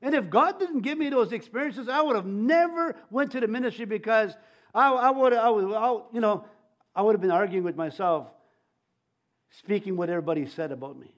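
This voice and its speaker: Older male preacher, very high pitch, conversational sermon, frequent stammered repeats, bursts of volume on key lines. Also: fairly quick. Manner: testimony-style preaching with many restarts and stammers. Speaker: pastor.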